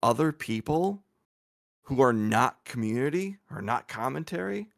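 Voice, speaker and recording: A man's voice: medium pitch, lively intonation, a little slow, creaky, fairly bright tone, no room sound, clean studio sound. A man on a livestream scolding someone with rhetorical questions. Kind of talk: livestream commentary.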